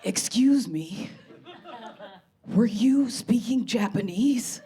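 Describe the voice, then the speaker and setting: A woman's voice: a little high, lively intonation, slow pace, warm tone, husky, heavily acted. A woman doing a gushing anime-fan guy. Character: eager young man, excitable anime fan.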